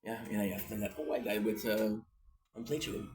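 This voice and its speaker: A man's voice: lowish voice, expressive, brisk, creaky, darkish tone, slightly rough. A man, short on sleep, rambling goofily through a daily video diary and joking around. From Canada. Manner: goofy, rambling, breaks into sung bits and jokey voices. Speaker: vlogger.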